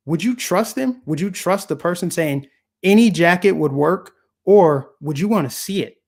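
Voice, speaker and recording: Guy ranting on his own show, kinda high voice, sarcastic, lots of rhetorical questions. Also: lively intonation, normal speed. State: voice getting scratchy. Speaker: political commentary host. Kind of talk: casual solo commentary.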